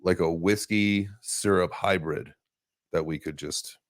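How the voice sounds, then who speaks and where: Podcast host, man, very low voice, loose rambling delivery. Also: measured pace. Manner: rambling, filler-heavy storytelling. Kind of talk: casual chat.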